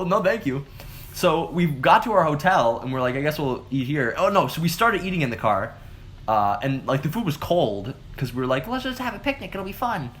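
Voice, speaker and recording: A man co-hosting a casual chat and telling stories animatedly, with lots of "like" as a filler. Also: mid-range voice. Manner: animated storytelling, heavy use of "like". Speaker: co-host.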